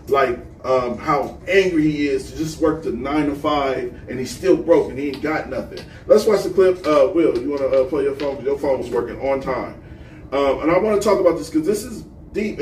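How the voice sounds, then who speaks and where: A man hosting a casual podcast chat, talking in an animated way, swearing and getting louder when worked up. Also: mid-range voice, recorded from a distance. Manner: animated, swearing, rising to a near-shout when heated. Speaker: podcast host. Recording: echoey room, off-mic, faint noise.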